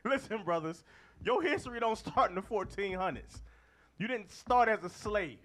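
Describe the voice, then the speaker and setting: Man, preacher, high-pitched, very animated, emphatic, call-and-response. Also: normal speed. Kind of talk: street-style sermon to a group of men.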